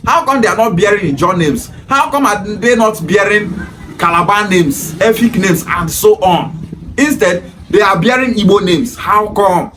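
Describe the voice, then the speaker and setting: A man's voice: high-pitched, fairly bright tone, a little hiss or hum. A Nigerian man speaking English with Pidgin phrases, delivering a scolding monologue full of repeated rhetorical questions. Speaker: commentator. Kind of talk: ranting monologue.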